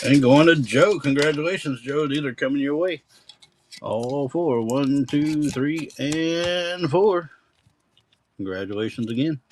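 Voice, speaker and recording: A man's voice: medium pitch, normal speed, darkish tone, slight background noise, low-quality recording. A man hosting a live-stream coin auction with folksy, rambling auctioneer patter.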